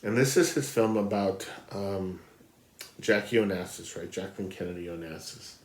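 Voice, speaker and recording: Man, film blogger, nasal with a cold, chatty and meandering, lowish voice, roomy echo. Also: moderate pace. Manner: chatty, rambling with many fillers and restarts. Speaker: film blogger ranking films. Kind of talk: casual spoken film review.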